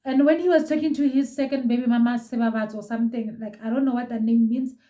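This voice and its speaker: A woman's voice: fairly high pitch, fairly even intonation, quick pace, mellow, distant mic. A young South African woman chatting in a gushing, casual way, reviewing a reality show from home. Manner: gushing, chatty, code-switching. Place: room at home. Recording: roomy echo, set back from mic.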